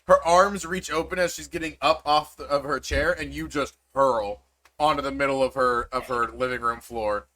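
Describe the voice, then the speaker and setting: A man's voice: medium pitch, steady tone, normal speed, pushed and bright. Rambling man running a tabletop game. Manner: rambling with many fillers and restarts. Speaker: game master.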